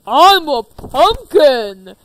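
Lady doing a big slow chanting pumpkin spirit, high and super lively. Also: heavily acted. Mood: booming. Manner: slow, drawn-out booming chant. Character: chanting male pumpkin spirit, eerie and grand. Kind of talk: fan machinima voice acting.

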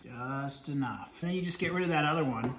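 A man's voice: medium pitch, brisk, fairly bright tone. A man in his thirties vlogging casually, playful and jokey. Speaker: vlogger, husband. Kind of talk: casual vlog chat. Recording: echoey room with faint noise.

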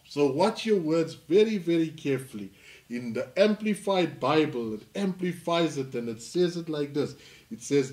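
A male pastor from South Africa preaching a sermon, reading scripture slowly and then rising to emphatic delivery. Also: on the high side, animated, darkish tone.

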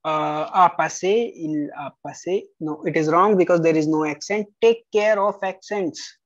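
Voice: mid-range voice, moderate pace, no room sound. A French tutor correcting a student's homework aloud, bluntly marking answers right or wrong, repeating the rules and spelling out letters. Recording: slightly dull lo-fi recording.

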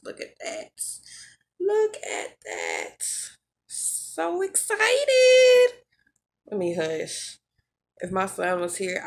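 A woman's voice: mid-range voice, fairly bright tone. A woman hosting her own cooking channel, chatting casually as she cooks and drawling in a homey country voice.

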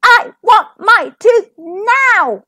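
A woman voicing a proud, fussy little girl princess in a children's storybook, loud and insistent. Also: extremely high pitch, big pitch swings, moderate pace, no room sound, clean studio sound, voice pushed up, heavily acted. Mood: demanding.

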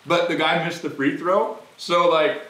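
An actor playing an excitable young man, telling a work story in a casual, slangy way in a naturalistic short film. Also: fairly high pitch, unhurried. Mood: excited. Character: restless, excitable young man who misses office life. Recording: echoey room with rain noise. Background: rain.

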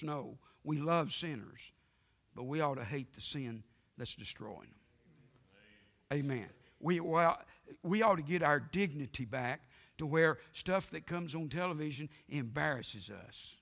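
A male pastor preaching a sermon emphatically, swinging between loud outbursts and hushed lines, with frequent amens. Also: a little high, unhurried, creaky. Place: church sanctuary. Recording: reverberant church sanctuary broadcast.

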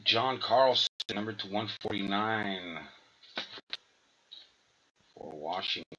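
A man opening packs of hockey cards, slowly reading out each player's name and number. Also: lowish voice. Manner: halting, reads names and numbers aloud. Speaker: card collector opening packs. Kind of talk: slow unboxing commentary. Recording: dull lo-fi sound with faint noise.

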